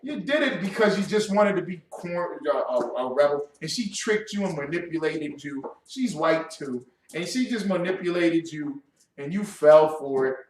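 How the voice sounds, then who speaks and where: A man giving a class lecture in an animated, mocking, confrontational way, with loud outbursts. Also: a little high, normal speed, slight background noise. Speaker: class instructor. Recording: echoey room, mic far off.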